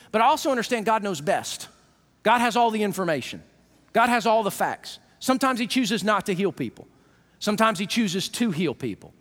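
A man preaching a sermon, animated and acting out the people he quotes. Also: high-pitched, quick pace, long reverb tail. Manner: animated, acts out quoted voices.

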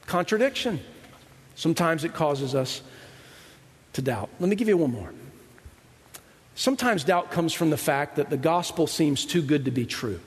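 Male pastor, conversational sermon, high voice, long reverb of a church hall. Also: expressive, moderate pace. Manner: conversational, asks the audience "right?"; acts out quoted voices of Bible figures.

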